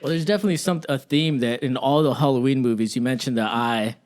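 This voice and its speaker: A man co-hosting a podcast, speaking in slang and chiming in with quick agreements. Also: medium pitch, a little mellow. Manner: frequent short agreements, slangy. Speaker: podcast co-host. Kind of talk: casual chat.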